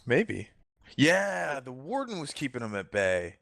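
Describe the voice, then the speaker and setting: Man, player, lowish lively voice, crude joking, dry recording. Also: measured pace, vocal fry, dry recording. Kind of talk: casual tabletop game chat.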